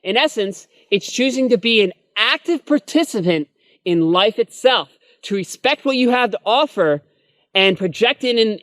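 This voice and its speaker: A man's voice: high-pitched, a bit bright, no room sound. A man giving a spoken self-help lesson, earnest and repetitive, checking in with "okay?" and "right?" as he explains. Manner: earnest, repetitive, addresses viewers as folks, frequent "okay?" and "right?". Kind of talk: spoken personal-development lesson.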